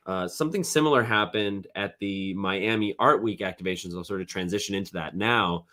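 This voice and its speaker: Speaking fairly quickly in a low, sharp-toned voice, a man hosts a podcast solo with casual commentary. His conversational delivery is peppered with fillers and restarts.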